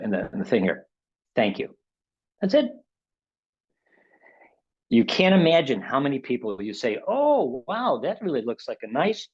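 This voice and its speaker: Over lo-fi audio, a husky, mid-range male voice leads a motivational webinar. He keeps it conversational, often asks his listeners "okay?" or "right?", and lifts his tone when acting out inner voices.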